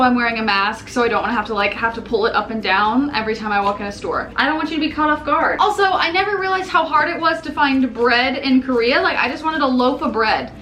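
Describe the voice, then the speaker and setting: Recorded on a handheld camera with background noise, a young woman with a high voice chats bubbly and casually in her vlog, using plenty of fillers. She starts in her apartment and moves out to city streets and shops.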